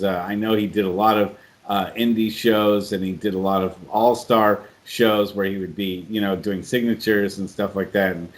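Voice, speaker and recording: A man hosting a wrestling podcast, asking long, halting questions in a casual tone. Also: lowish voice. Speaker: podcast host.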